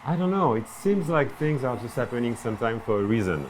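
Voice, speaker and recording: A man's voice: medium pitch, expressive, fairly quick, heavy background noise. A middle-aged man with a French accent, a chef and restaurant owner, chatting in an interview with self-mocking humor, in a busy restaurant. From France. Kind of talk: casual interview. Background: diners chatting and laughing.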